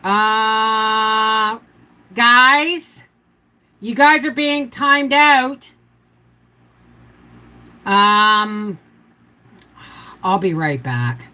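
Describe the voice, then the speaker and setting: Slow-talking older woman chatting on a livestream. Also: on the high side, expressive, pushed and bright, poor audio. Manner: rambling, chatty, giving step-by-step canning instructions. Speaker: homestead livestream host. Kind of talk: casual live-stream chat.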